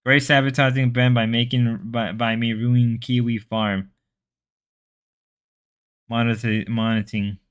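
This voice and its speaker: A man's voice: mid-range voice, flat delivery, measured pace, pauses often, clear, resonant tone. A man whose first language is Spanish, hosting a livestream and chatting casually and jokily with his viewers, rambling and slipping into mock voices. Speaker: livestream host. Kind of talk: casual stream chat with viewers.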